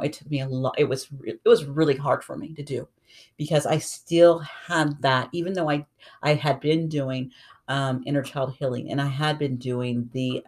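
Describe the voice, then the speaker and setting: A podcast host and tarot reader talking through a personal journey in a casual solo monologue, earnest and reflective, sometimes a little raspy and mumbly when slowing down. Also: medium pitch. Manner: earnest, reflective, rambling storytelling.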